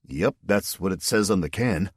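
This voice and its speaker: A man's voice: sits low, expressive, normal speed, breathy edge, no room sound. Man as a wry, dry-humored farmer. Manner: dry, wisecracking.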